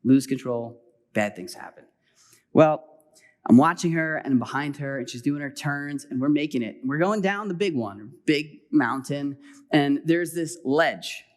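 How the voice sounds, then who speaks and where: Man, middle-aged, pastor, sermon, somewhat high voice, animated storytelling, loud exhortation to quiet asides. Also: measured pace.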